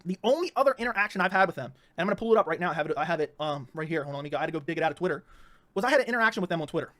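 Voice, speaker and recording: A man's voice: a little high, expressive, fairly bright tone. A man hosting his own livestream, ranting heatedly and repeating himself, with frequent stumbling restarts. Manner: rapid, repetitive, stumbling restarts. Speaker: livestream host.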